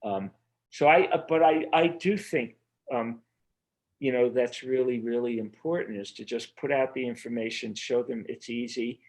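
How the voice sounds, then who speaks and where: A man's voice: mid-range voice, normal speed. A man being interviewed as an author, talking in an earnest, rambling way with many fillers and restarts over a remote video call. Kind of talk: casual interview conversation.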